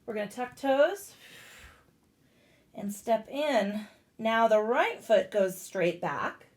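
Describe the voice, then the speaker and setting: A woman with a slightly high voice leads a yoga class in a casual, cussing way and cracks blunt jokes between the poses. The sound is roomy and echoey. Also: animated, slow, a little mellow. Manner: casual and profane, with blunt joking rants. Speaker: yoga instructor. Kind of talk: guided yoga class instruction. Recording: echoey room.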